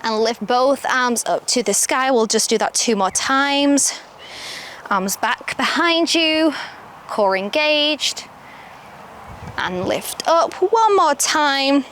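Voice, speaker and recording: A young adult woman teaching a yoga class outdoors, giving calm step-by-step cues. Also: sits high, takes it slowly, slight background noise. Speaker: yoga instructor. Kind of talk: guided yoga class instruction. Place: outdoors, birds audible. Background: faint outdoor ambience with birdsong.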